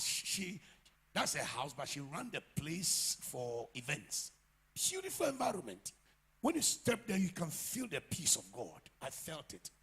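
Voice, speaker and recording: A man with a Ghanaian English accent preaching a sermon as pastor, swinging from quiet asides to loud shouts. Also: fairly high pitch, slightly rough. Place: church.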